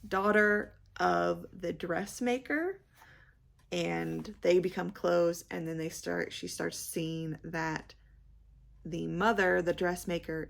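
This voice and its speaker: A young woman talks through her monthly reading in a slow, unhurried way, her voice low-pitched and gravelly with vocal fry. She rambles, filling pauses with ums and likes as she hunts for the right word. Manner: rambling, many ums and likes, searching for words. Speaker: book vlogger. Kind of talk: casual book review chat.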